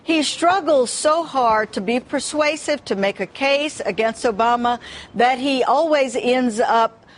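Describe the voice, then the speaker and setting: A woman commentator on a news panel critiques a candidate with dismissive, analytical remarks. Her voice sits slightly high. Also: a little slow, slight background noise.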